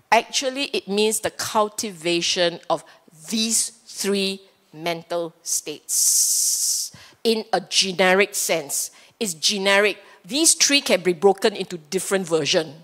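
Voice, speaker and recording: A woman teaching the Dhamma in Singaporean-accented English, in a middle pitch for a woman. She is playful and animated, slips into little acted-out inner voices and keeps checking in with her listeners. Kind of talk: Dhamma talk to a live audience. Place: Buddhist temple hall.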